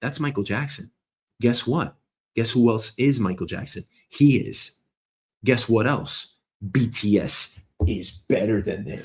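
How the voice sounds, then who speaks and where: A man with a slightly rough, lowish voice talks a little slowly while hosting a one-man comedic news show. He goes on rambling and swearing, mock-arguing with an imagined listener.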